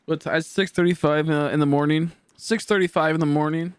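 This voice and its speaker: A man's voice: on the high side, fast, few pauses, no echo. A man in his twenties chatting casually on a game live stream, rambling and joking as he answers chat aloud. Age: 20s.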